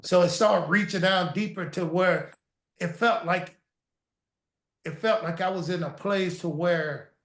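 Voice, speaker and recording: A man with a high voice tells his stories in an animated, lively way and slips into the voices of the people he quotes. The recording has a roomy echo. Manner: animated storytelling, acts out quoted dialogue. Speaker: guest storyteller. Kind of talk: casual interview chat. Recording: echoey room.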